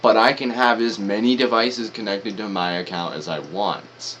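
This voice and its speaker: A man on a stream reacting casually, slangy and swearing, in a low voice. Faint noise hums behind him. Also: steady tone, normal speed, fairly bright tone.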